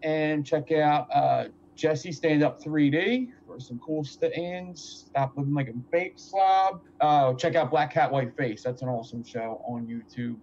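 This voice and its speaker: A man guesting on a vaping livestream, chatting casually and listing shout-outs. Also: on the high side, steady tone, a little slow, few pauses, highs cut off, a little hiss or hum. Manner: laughs often, lists shout-outs. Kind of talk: casual banter and sign-off plugs.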